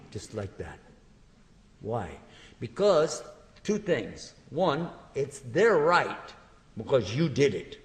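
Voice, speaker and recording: A man giving a religious lecture to an audience, telling stories in a lively way and acting out small dialogues. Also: medium pitch. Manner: animated storytelling, acting out little dialogues. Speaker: Islamic lecturer. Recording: long hall reverb.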